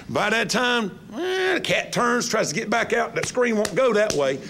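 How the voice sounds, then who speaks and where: A man, a college coach, telling an animated story to his players and mimicking a meowing cat. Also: high voice, moderate pace.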